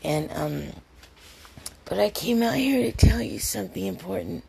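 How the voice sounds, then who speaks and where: Heavily gravelly tipsy woman rambling. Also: medium pitch, animated, normal speed, a little mellow. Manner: rambling and candid, swears freely. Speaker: podcaster. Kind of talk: casual personal monologue.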